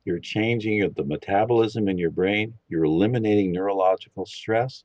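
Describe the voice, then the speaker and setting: A man on a podcast who guides listeners through a meditation, speaking in a calm, slow and instructive way. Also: fairly low pitch, dry recording. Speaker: podcast guest leading a meditation. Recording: dull lo-fi, dry sound.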